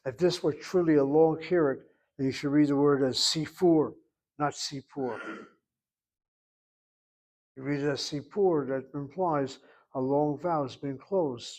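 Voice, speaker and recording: A patient man teaching a language class, his voice sitting a little high as he walks methodically through grammar and gently corrects his students. He explains each point step by step. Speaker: Hebrew teacher. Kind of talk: online class instruction.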